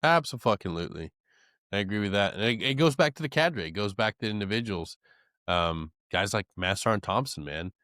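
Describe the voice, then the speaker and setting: A man hosting a podcast, talking in a casual, profane, animated way. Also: lowish voice, a little fast, no echo, clean studio sound. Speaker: podcast host. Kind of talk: casual conversation.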